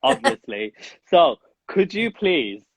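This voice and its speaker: A man hosting a casual interview, asking teasing questions in a playful, excitable way. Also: high-pitched, takes it slowly, no room sound. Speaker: podcast host.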